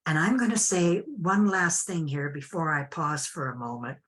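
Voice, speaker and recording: An older woman telling a personal story as an interview guest, unhurried and reflective with frequent restarts. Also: deep voice, a bit bright.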